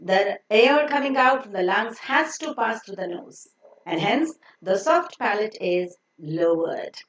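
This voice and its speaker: A woman teaching pronunciation in a slow, deliberate lesson, repeating each word for learners to copy. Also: a little high, slight background noise. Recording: echoey room.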